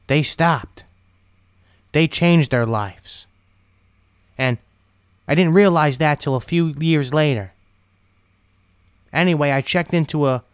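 A man shares his personal recovery testimony in a blunt, unpolished way, letting a few curse words slip. His voice sits a touch high and comes through smooth and clear. The sound is dry and close, with no room around it. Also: no room sound. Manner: blunt, candid storytelling with casual swearing.

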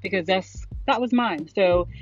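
A woman's voice: medium pitch, a little slow. Middle-aged woman, podcast host, casual rambling monologue, emotional, laughs often, dull lo-fi sound. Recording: dull lo-fi recording, faint music.

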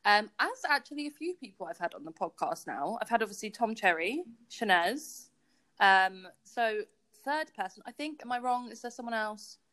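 Young female host, lively chatty manner, talks over a call app. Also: a little high, normal speed. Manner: animated, chatty, laughs often. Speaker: podcast host. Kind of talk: casual chat between friends. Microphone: remote call app.

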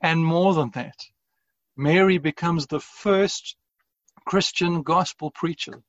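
A man preaching a sermon as pastor, in an earnest, measured way with deliberate pauses. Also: on the high side, no room sound, highs cut off.

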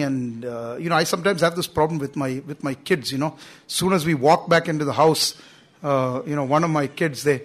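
High-voiced man preaching earnestly. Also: brisk. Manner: earnest, emphatic preaching with frequent "you know". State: coughing at times. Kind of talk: sermon.

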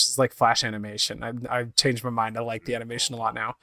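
A man's voice: mid-range voice, little pitch movement, fast, bright, forceful tone, no echo. A man giving casual let's-play commentary, describing what happens on screen and sometimes reading game dialogue aloud in put-on voices. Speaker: game streamer.

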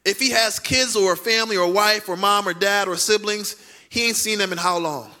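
A man preaching a sermon as pastor, speaking to the congregation with direct questions and drawn-out emphatic words. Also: high voice, bright, forceful tone. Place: church sanctuary.

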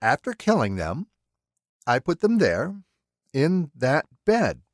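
A man putting on a soft-spoken, unhinged male killer who lifts his voice above the narrator's own and lets it wander up and down. He draws his words out with mannered, threatening precision. The audiobook recording is dry and close. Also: fairly high pitch, huge pitch swings, slow pace, no echo, voice pushed up, full character voice. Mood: menacing. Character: calm, menacing male killer, polite and unhinged. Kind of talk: audiobook character voicing.

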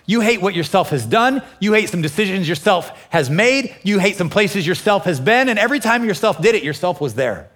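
A pastor preaching a lively sermon, acting out inner voices and quoting scripture with feeling. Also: male voice, high voice, a little fast, hardly any pauses. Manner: animated, acts out inner voices and quotes. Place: church, also streamed online.

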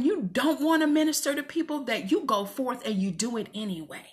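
A woman's voice: high voice, a little fast, few pauses. A woman minister giving a fervent, preacherly faith testimony to women viewers from her home. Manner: fervent, preacherly, calls listeners "y'all".

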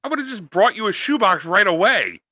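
Young male podcast co-host, very bright edgy voice, dry close sound, deadpan one-liners. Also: high-pitched, brisk, dry recording. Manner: blunt, deadpan comebacks. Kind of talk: casual chat.

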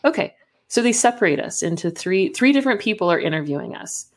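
A young woman in casual chat, telling a story in an animated way and acting out the dialogue. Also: mid-range voice, fast talker.

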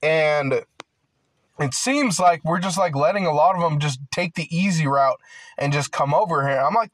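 High-voiced young man ranting. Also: normal speed, dry recording. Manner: rambling, packed with "like" fillers and swearing; grows loud and heated at times. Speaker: vlogger. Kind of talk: casual ranting monologue.

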